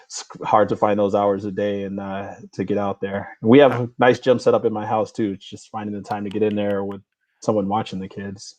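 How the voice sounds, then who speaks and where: A man in his forties with a fairly low voice, speaking as a guest on a casual interview podcast. He talks in an easygoing, unhurried way, often chuckling and stopping on "uh" and "you know" as he gathers his thoughts. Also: flat delivery, darkish tone, no echo. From United States. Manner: easygoing, chuckles often, halting with many fillers. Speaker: guest, Navy veteran and father.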